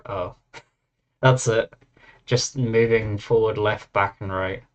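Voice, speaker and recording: A young man playing a game on stream, casually commenting in a puzzled, deadpan way and muttering to himself. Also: on the low side, slow.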